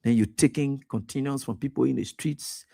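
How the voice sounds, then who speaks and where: A man's voice: medium pitch, moderate pace, gravelly, warm tone. A man hosting a radio talk show, delivering impassioned, accusatory political commentary with repeated pointed questions. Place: radio studio.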